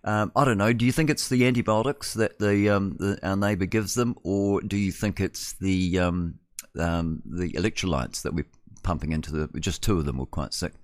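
A middle-aged New Zealand man hosts a radio show in a loose, rambling manner with plenty of filler sounds. His voice sits fairly low. The room sound is dry and close. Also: moderate pace, dry recording. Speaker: radio host. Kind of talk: casual talk radio.

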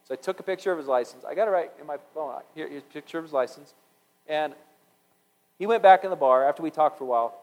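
Animated male storyteller, slightly high voice. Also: quick pace, low-quality recording. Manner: animated storyteller acting out dialogue. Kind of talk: storytelling sermon.

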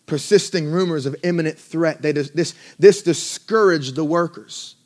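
A man preaching a sermon as pastor, mixing conversational asides with rising, drawn-out emphasis. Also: on the high side. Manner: conversational asides with self-deprecating laughs.

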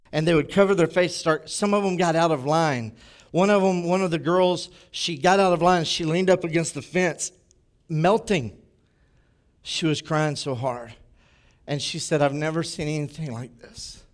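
A man preaching a sermon as pastor, telling a personal story in a conversational, animated way. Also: a little high.

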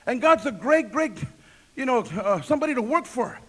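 A man's voice: very high-pitched, animated, moderate pace, fairly bright tone, husky. A male pastor preaching a sermon, emphatic and repetitive, asking the congregation questions and answering them himself.

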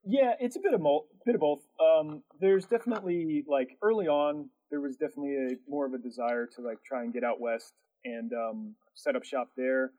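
A man in his thirties from Connecticut, a studio owner talking in a relaxed, easygoing way as a guest. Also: a little high, a little fast, few pauses, no room sound, lo-fi sound. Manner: relaxed, easygoing, many fillers. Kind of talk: casual interview talk.

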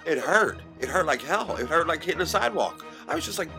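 A middle-aged man telling candid stories in an interview, animated, laughing often and moving between loud and hushed. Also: sits high, very fast, hardly any pauses, music in the background.

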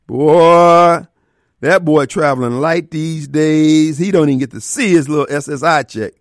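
High, lively man telling a comic tale. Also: measured pace, no echo, studio quality. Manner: animated, exaggerated delivery with sudden outbursts. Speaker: radio show host. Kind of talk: comedic storytelling.

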